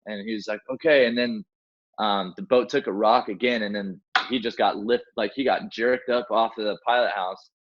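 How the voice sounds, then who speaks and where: A young man with a fairly low voice tells a war-story-style rescue tale in a relaxed interview. He acts out each exchange and sprinkles in "like" and "man" as he goes. The audio is dull and muffled. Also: normal speed. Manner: animated, acts out quoted dialogue, many fillers like "like" and "man". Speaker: guest, helicopter rescue swimmer.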